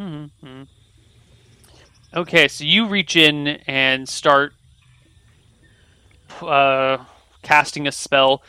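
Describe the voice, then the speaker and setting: A man narrates a tabletop game as game master, relaxed and conversational. His voice is bright and a little high for a man, recorded close and dry. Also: clean tone, no echo.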